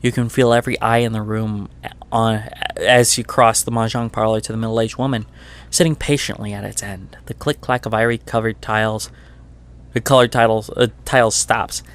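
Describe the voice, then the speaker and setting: A man's voice: on the low side, level tone, normal speed. A man narrating as game master of a tabletop game, describing scenes with frequent stumbles and self-corrections.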